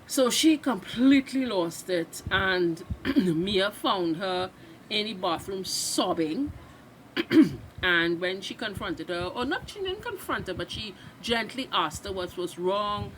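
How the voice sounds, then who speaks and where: Unhurried Trinidadian woman, chatty recap. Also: medium pitch, animated, a little hiss or hum, low-quality recording. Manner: chatty, loose, restarts mid-sentence. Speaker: reaction video host. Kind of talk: casual recap and live reaction.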